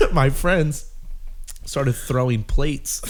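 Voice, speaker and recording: A man's voice: medium pitch, extremely slow. A man, a podcast guest, telling a story in a casual way, swearing often and laughing as he goes. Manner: profane, laughing through the telling.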